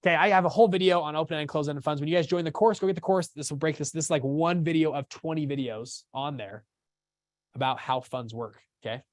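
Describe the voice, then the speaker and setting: Man, course host, casual upbeat teaching, slightly high voice, dry close sound. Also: steady tone, fast, no echo. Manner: casual, upbeat, often checks understanding. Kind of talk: live teaching session.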